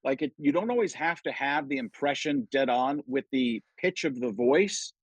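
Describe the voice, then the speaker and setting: Give me a husky middle-aged man as a podcast guest, chatty and animated, recorded dry and close. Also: mid-range voice, moderate pace, no echo, highs cut off. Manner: animated storytelling, jumps into quoted voices. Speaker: guest impressionist. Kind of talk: casual podcast interview.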